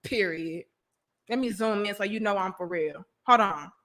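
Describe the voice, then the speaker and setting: A woman's voice: mid-range voice, moderate pace, fairly bright tone. A woman in her thirties hosting a live online talk show, preaching bluntly and emphatically straight to her viewers. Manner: preachy and emphatic, addresses viewers directly as sis and brothers. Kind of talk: blunt live-stream commentary.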